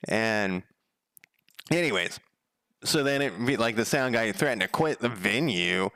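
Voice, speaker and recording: A man's voice: lively intonation, a little slow, dry recording. Rambling, profane male streamer, dry sound. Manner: loose, profane storytelling with frequent fillers; gets louder and higher when quoting others. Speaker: game developer streaming his coding. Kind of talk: casual rambling livestream chat.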